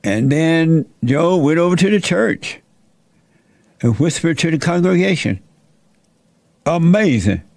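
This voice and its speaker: A man's voice: a little high, lively intonation, slow, gravelly, long pauses, darkish tone, dry recording. A man hosting his show and retelling a Bible story in a folksy, plainspoken sermon style. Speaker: host and preacher.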